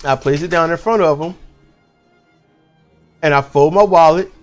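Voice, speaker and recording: A man casually retelling a story, animated and profane. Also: moderate pace, faint music behind. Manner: animated, profane, swooping pitch. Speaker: podcast host.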